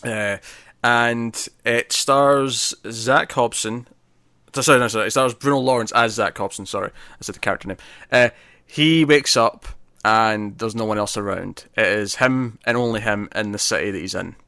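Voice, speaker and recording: A man's voice: fairly low pitch, moderate pace, sharp tone, clean tone, no room sound, studio quality. A man co-hosting a casual movie review podcast, rambling and correcting himself, often laughing. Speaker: podcast co-host.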